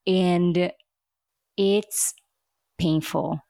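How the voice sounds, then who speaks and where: A woman co-hosting a casual TV recap podcast, talking excitedly with emphatic repeats and laughter. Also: lowish voice, extremely slow, gravelly, no room sound, studio quality. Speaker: podcast co-host.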